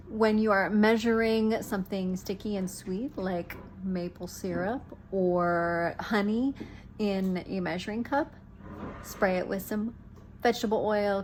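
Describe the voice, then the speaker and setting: A woman hosts her own baking show, chatting brightly and joking with the viewer as she measures and mixes. Her voice sits in an ordinary middle register. The kitchen recording carries clear background noise under everything she says. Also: medium pitch. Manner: chatty and playful, talking to the viewer while working. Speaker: home baking show host. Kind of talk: casual cooking demonstration.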